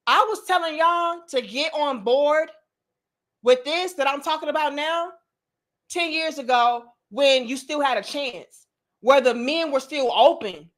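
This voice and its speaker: Blunt, high-voiced woman ranting. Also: fairly bright tone. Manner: blunt and profane, slips into mocking quoted voices. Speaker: commentary channel host. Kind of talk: opinionated monologue to camera.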